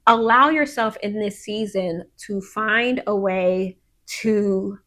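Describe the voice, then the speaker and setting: A woman's voice: mid-range voice, sharp tone. A woman in her thirties hosting a podcast, talking in a casual, heartfelt monologue with lots of fillers, now and then acting out what her kids say. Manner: conversational, frequent fillers, acts out quotes of her kids. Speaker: podcast host.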